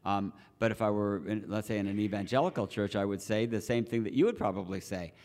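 A man who is a Reform Jew explaining his tradition to a church group in a measured, teacherly way, with pauses and restarts. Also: on the low side, darkish tone. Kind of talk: explanatory talk with questions. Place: church hall.

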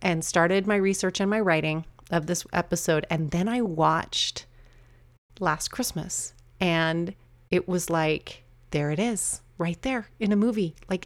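A middle-aged woman hosting her own podcast, talking casually and chattily with quick asides and laughs at herself. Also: fairly low pitch, no echo. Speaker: podcast host. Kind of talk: casual solo podcast talk.

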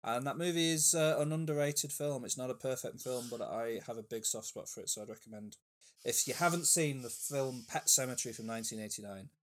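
A man's voice: mid-range voice, fairly quick. A man co-hosting a casual podcast chat, giving blunt, opinionated takes with fillers and restarts. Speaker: podcast co-host.

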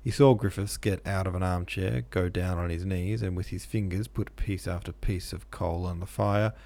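A man reads a classic novel aloud as a podcast host. His voice is low and gravelly with frequent fry. The delivery stays steady and measured. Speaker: podcast host and audiobook narrator. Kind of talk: scripted narration of a classic novel.

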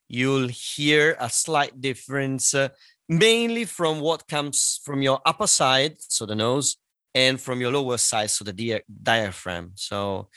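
A man with an Italian accent, a singer and voice teacher, explaining things in a casual podcast chat, pausing often with fillers. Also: mid-range voice, bright, forceful tone, no room sound. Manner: explanatory, hesitant with many fillers.

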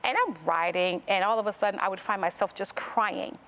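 Woman, podcast guest, earnest testimony, storytelling, mid pitch. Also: fairly quick, a bit bright. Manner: earnest storytelling, strings thoughts with "and so". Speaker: guest sharing her testimony. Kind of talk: personal testimony in a podcast interview.

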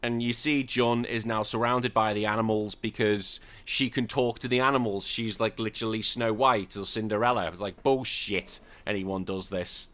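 A podcast host recaps a film in casual, sweary, mocking chat, acting out the characters' lines. His voice is lowish and steady with a fairly bright tone, moderately paced with few pauses.

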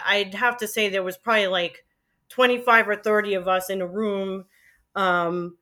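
A woman's voice: fairly high pitch, pushed and bright. A middle-aged woman with a Queens, New York accent, chatting casually in an interview about her radio days, laughing often as she remembers. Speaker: guest, former college radio DJ.

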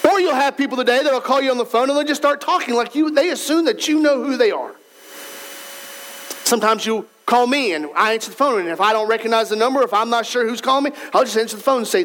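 A man's voice: very high voice, fast, fairly bright tone, poor audio. A man preaching a sermon as pastor, in a conversational, emphatic way, speaking straight to the congregation in a church.

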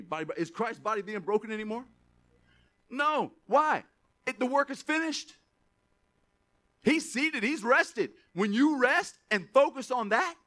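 High, bright-voiced preaching man. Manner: emphatic preaching, rising to shouts then dropping soft. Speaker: pastor. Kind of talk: sermon.

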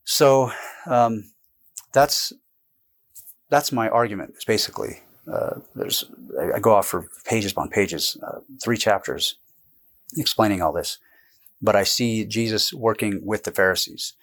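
Animated, digressive man explaining. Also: on the low side. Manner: animated, digressive, quick bursts with restarts. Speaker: author and guest explaining his book. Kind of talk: casual explanatory interview. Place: indoors with a camera close by.

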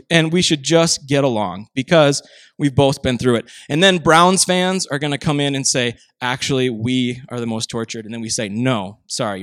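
Animated Midwestern pastor, dry sound. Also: male voice, high voice, no echo. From Minnesota. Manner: animated storytelling, rhetorical "right?" asides. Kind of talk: sermon.

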